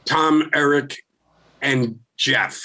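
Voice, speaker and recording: A man from Philadelphia, a rock singer, telling stories in casual, profane, animated talk as a podcast guest. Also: medium pitch, extremely slow. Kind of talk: casual storytelling.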